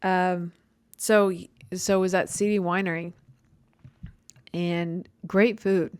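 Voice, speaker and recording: A woman's voice: fairly low pitch, flat delivery, slow pace, a little mellow, clean tone, dry recording, clean studio sound. A young woman hosting her podcast, rambling in a self-mocking, conversational way with many fillers. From Chicago. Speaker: podcast host. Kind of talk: stream-of-consciousness monologue.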